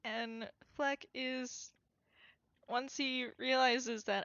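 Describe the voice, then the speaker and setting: A woman casually narrating her character in a tabletop role-play, halting and full of fillers. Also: fairly high pitch, flat delivery, a bit bright, no room sound. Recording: dull lo-fi, dry.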